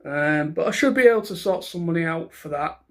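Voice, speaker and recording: Man, high-pitched, casual vlog chat, rambling, fillers and restarts. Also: expressive, a little fast, a bit bright. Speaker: vlogger.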